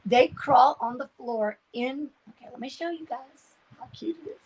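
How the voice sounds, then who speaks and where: An older woman chats casually on her craft livestream in a fairly high voice. She reads viewer comments aloud and often trails off while searching for words. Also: moderate pace, a little mellow, husky, rough recording.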